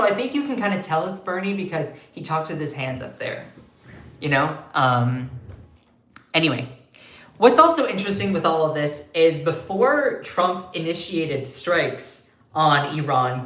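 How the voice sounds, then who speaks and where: Man, live-stream commentator, sarcastic, animated, rhetorical questions, echoey room. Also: a little high.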